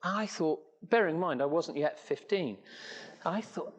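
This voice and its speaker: A man's voice: fairly high pitch, expressive, slow pace, dull audio. An older man from England telling a long story to an audience as an entrepreneur speaker, rambling, with many fillers and restarts. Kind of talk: anecdotal talk to an audience.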